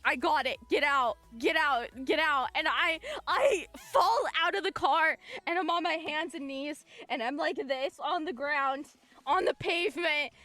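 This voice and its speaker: A woman streamer with a very high, bright voice tells a story to her chat. She gets excitable, shrieks and laughs as she talks. Faint music plays behind her.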